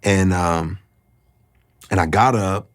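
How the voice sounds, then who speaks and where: A man telling his personal faith testimony in a reflective, halting, emotional way. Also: low-pitched, dry recording, studio quality. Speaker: guest sharing his testimony.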